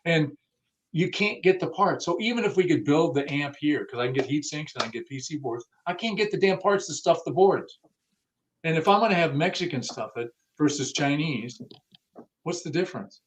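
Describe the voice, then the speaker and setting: Interviewed on the car audio industry, this man speaks at a moderate pace in a slightly high, animated voice. His manner is blunt and casual, with some swearing, and he acts out quoted lines.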